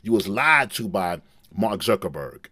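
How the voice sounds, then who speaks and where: A man imitating an impassioned male rapper, delivering a loud, emphatic, preachy stage rant in a voice raised well above his own. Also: lowish voice, very animated, unhurried, breathy edge, no echo, full character voice. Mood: fired-up ranting.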